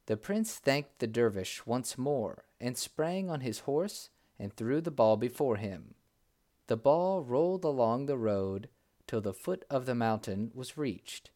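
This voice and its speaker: A man reads an old fairy tale aloud at a very slow, deliberate pace. His pitch sits in the middle range, and his narration is steady and unhurried. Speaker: storyteller. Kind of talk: storybook narration.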